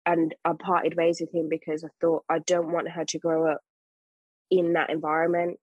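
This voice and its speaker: A woman's voice: low-pitched, monotone, moderate pace, darkish tone, slightly rough, dry recording, muffled recording. A woman, a mother, talking earnestly and emphatically in a casual podcast conversation. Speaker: guest, mother.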